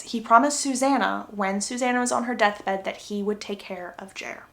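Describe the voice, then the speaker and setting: A young woman with a slightly high voice retells a book's plot in a chatty, playful way. She jumps into quick voices for the characters. Her voice rings in a roomy, echoey space. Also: steady tone, gravelly, a bit bright. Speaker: book recap creator. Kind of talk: casual book plot retelling.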